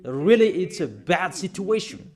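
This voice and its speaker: Stern high-pitched male preacher. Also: sing-song, measured pace. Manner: stern, admonishing, repetitive emphasis. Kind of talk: sermon.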